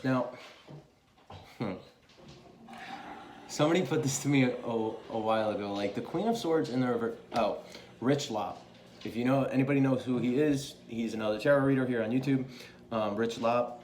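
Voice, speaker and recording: A young man with an ordinary middle-pitched voice gives a casual spoken tarot reading, loose and chatty, circling back on his words. He curses freely and uses many fillers. The recording has a noticeable room echo and a little hiss or hum.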